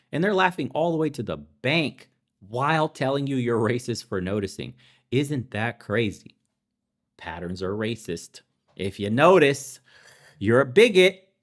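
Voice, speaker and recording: A young adult man delivering a fiery commentary rant, sarcastic and profane. His voice swings up and down as he mocks and jeers, now loud, now low. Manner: sarcastic, profane, heated and mocking. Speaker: podcast host. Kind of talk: ranting political commentary.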